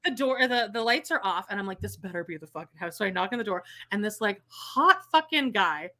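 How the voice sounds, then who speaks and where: A young woman telling a story in casual chat, animated and swearing freely, acting out what people said. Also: mid-range voice, brisk. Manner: animated, swears a lot, acts out quotes with shrieks.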